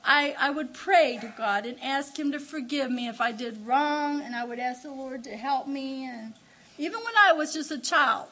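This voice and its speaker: An older woman preacher telling a personal testimony, moving from hushed storytelling to loud exclamations of praise. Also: high voice, moderate pace. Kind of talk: Pentecostal-style testimony sermon.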